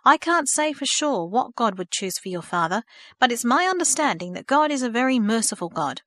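Woman reading a calm, kindly male pastor, own voice, dry audiobook. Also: on the high side, brisk, dry recording, voice pushed up. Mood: consoling. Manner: calm, consoling. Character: kindly male country reverend.

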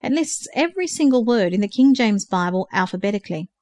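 A woman's voice: mid-range voice, animated, quick pace, no echo, studio quality, close to an everyday voice. A woman reading the part of a patient older male mentor who carefully explains study books. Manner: careful explaining, gently instructive.

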